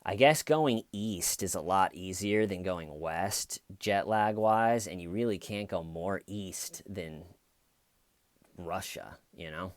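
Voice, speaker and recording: A man's voice: low-pitched, no room sound. A man, a stand-up comedian, telling a casual story to camera in a rambling way, full of fillers.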